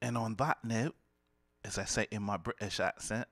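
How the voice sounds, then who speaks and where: A man's voice: fairly low pitch, moderate pace, crowd noise. Joking man hosting an internet radio show. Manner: teasing, loud hyped sign-off. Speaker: host. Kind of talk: casual joking radio banter.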